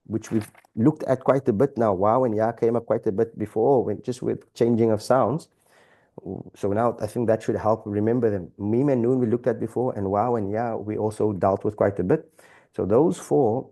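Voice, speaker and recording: A man's voice: lowish voice, mellow. A man teaching a beginners' Arabic reading lesson, patient and repetitive, checking in with "okay?" and often stumbling and restarting phrases. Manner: patient, repeats examples, frequent "okay?" checks. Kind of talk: relaxed classroom-style lesson.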